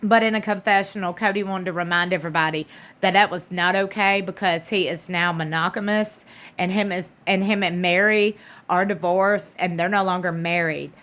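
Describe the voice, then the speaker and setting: Sassy woman with a bright voice. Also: lowish voice, fairly even intonation, moderate pace. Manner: sassy, gossipy, full of Southern slang and mocking impressions. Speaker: reality TV recap vlogger. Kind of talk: casual chatty recap.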